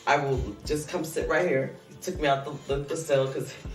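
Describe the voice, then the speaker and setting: A young woman telling a story in casual chat, animated and profane, acting out both sides of the dialogue. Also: low-pitched, brisk, far from the mic. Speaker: podcast host. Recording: echoey room from off-mic, faint music.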